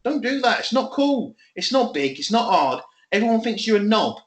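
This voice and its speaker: Sweary, animated man ranting. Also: sits high, normal speed. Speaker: podcast co-host. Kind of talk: casual chat. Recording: roomy echo.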